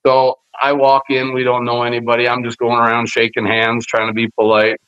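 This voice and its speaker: A man from Canada, a guest wrestler telling rambling, animated stories with lots of fillers and swearing. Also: mid-range voice, fairly quick, clear, resonant tone, no room sound. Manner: animated storyteller who acts out other people's lines; rambling, with many fillers and profanity. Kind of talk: casual storytelling interview. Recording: slightly muffled dry podcast audio.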